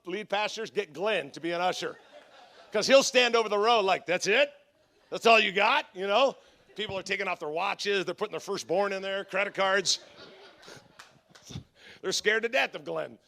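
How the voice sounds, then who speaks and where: A man with a high-pitched voice preaches at a conference. He tells a humorous story in an animated way, acting out the other people's voices. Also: gravelly. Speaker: pastor. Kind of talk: conference sermon.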